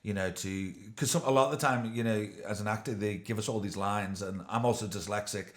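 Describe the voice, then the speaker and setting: Deep-voiced male actor hosting a chat. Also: brisk. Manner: agreeable, frequent "yeah" backchannels. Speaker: actor, podcast host. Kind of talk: casual chat.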